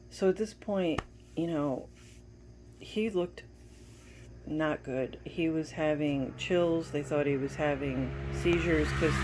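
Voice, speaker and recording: A woman's voice: sits low, a little mellow, slight background noise. A woman giving a casual personal update to viewers, telling a story and retelling dialogue with bits of laughter. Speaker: wife giving a family update.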